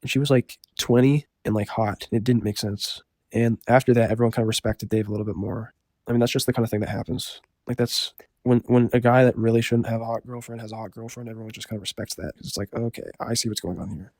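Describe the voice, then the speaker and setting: A man casually telling a story, rambling with lots of filler words and a deadpan delivery. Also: medium pitch, fast, no room sound, clean studio sound.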